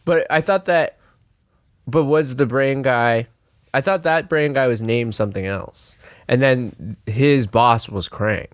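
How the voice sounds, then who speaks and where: Young male co-host, a bit nasal, halting delivery, dead-dry room. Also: mid-range voice, dry recording. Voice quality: a little nasal. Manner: hesitant, stumbling restarts. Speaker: podcast co-host. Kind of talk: casual chat.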